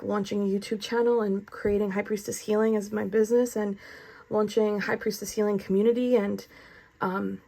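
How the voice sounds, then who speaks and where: A woman's voice: medium pitch, creaky. A woman doing a tarot reading in an earnest, effusive, spiritual way, talking casually to her viewers. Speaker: tarot reader.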